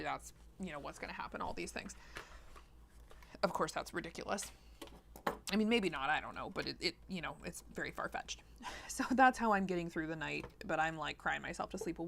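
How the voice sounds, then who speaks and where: A woman vlogger chatting casually while she sews, telling a long story in a rambling, animated way with lots of "like" and "you know". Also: fairly low pitch, slight background noise. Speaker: sewing vlogger.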